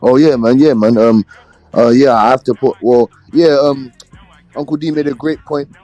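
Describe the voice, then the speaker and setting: A man in a casual boxing chat, talking in a laid-back, drawn-out way with many fillers. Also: medium pitch, fairly even intonation, mellow, no echo, dull audio, soft background music.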